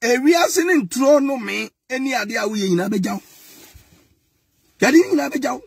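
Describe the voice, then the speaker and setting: Husky high-voiced Ghanaian man, mocking. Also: normal speed, no echo. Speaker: political commentator. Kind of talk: mocking political commentary.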